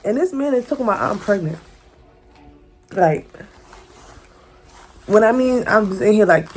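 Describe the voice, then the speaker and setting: A young woman telling a casual storytime straight to her viewers, chatty and animated, with speech. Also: mid-range voice, moderate pace, long pauses. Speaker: vlogger.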